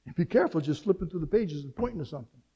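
Middle-aged male pastor with a high voice, preaching with energy and humor. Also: very fast, husky, lo-fi sound. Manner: animated preaching with rhetorical questions and humor. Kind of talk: sermon.

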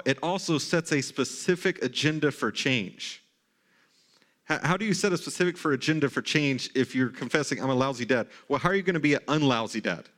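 A man in his thirties preaching a sermon in a church, talking in a conversational way with animated, mock-incredulous asides. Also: fairly high pitch. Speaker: pastor. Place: church sanctuary.

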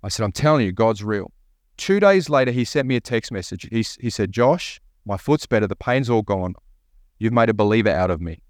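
A man's voice: fairly low pitch, expressive, a little fast, no room sound, clean studio sound. A man preaching a sermon as pastor, telling a story and acting out both sides of a conversation.

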